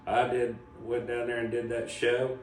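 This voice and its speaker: A man's voice: medium pitch, monotone, normal speed. A man, hosting a comedy show and telling a rambling, folksy story. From Southern Appalachia, US. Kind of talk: casual storytelling. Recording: echoey room, voice from a distance, faint background noise.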